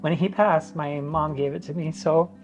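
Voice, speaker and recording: A man's voice: a little high, moderate pace, soft background music. A man talking casually to his viewers, chatty and earnest, telling stories with plenty of fillers. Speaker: vlogger giving an office tour. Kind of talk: casual tour chat to camera.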